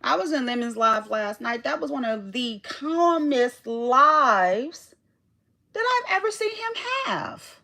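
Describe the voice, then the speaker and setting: Chatty, high, bright-voiced woman livestreaming. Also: animated, slow pace, vocal fry. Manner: chatty, rambling, reads chat aloud, swears freely. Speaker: livestream host. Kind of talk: casual livestream chat.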